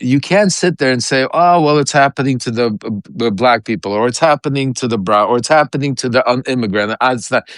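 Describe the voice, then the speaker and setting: A man's voice: medium pitch, no room sound, studio quality. A man on a live-stream political talk show, speaking with passion, repeating himself and restarting often. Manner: impassioned, repeats phrases, many fillers and restarts. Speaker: guest.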